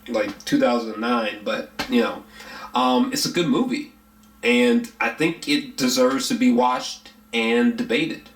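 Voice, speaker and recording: Male film reviewer, mid-pitched, loose and profane delivery, echoey room. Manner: rambling, frequent fillers and restarts, blunt with profanity. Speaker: movie reviewer. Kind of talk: casual spoken film review. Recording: roomy echo.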